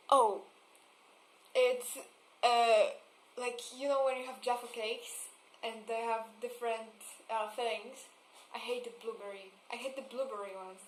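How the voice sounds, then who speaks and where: A young woman talks to camera in a loose, rambling rant, swearing and laughing at her own complaints. Her voice sits a little high and she speaks slowly. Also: a little hiss or hum, poor audio. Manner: swearing, laughing, exasperated asides; mocks voices with exaggerated vocal fry. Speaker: vlogger. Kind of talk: casual ranting monologue.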